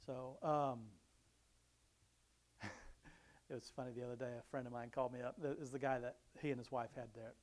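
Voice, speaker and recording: A man's voice: medium pitch, fairly even intonation, a little fast, pauses often. Rambling man giving a casual devotional talk. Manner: rambling, chuckles often, restarts sentences. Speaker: Christian speaker.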